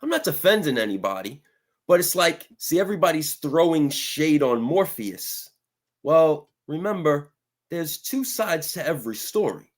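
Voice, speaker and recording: A man's voice: on the high side, sing-song, moderate pace. A man co-hosting a podcast, making knowing, wry remarks. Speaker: podcast co-host. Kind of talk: casual chat.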